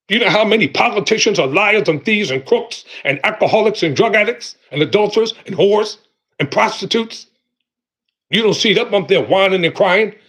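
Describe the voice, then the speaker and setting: A middle-aged man hosting a livestream, giving an impassioned motivational monologue in an emphatic, preacherly way, with loud bursts and low, intense stretches. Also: slightly rough. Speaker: host of a livestream talk.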